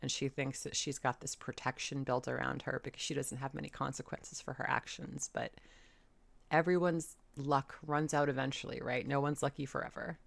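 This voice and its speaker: A woman's voice: very deep voice, level tone, normal speed, gravelly. A woman hosting a reaction video, giving blunt, exasperated commentary and swearing casually. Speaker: commentary host.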